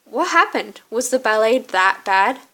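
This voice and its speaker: A young college guy, blunt and teasing, pushing his friend to go make things right, as a woman reading a story game puts him on. The voice sits somewhat high and lively. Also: a little slow, heavily acted. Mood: curious.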